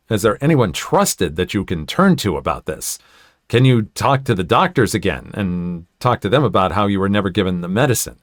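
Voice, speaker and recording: Expressive man narrating stories. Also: fairly low pitch, no room sound, clean studio sound. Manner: expressive, sympathetic asides. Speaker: story narrator. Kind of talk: reading online stories aloud with comments.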